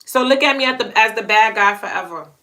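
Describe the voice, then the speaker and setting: Emphatic woman with a bright, forceful voice. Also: fairly high pitch, quick pace. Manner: emphatic, repeats phrases for punch. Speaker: channel host. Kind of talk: casual storytelling monologue.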